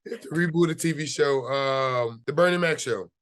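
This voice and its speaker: A man's voice: a little high, normal speed, fairly bright tone, clear, resonant tone, no echo. A man guest in an interview, talking casually and telling his story with lots of fillers. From United States. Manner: easygoing storytelling, many fillers. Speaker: actor guest.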